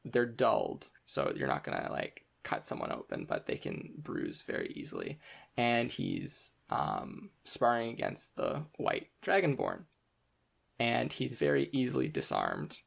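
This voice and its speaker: Gravelly-voiced game master narrating a tabletop game. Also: medium pitch, huge pitch swings, measured pace. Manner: casual, filler-heavy narration with frequent ums.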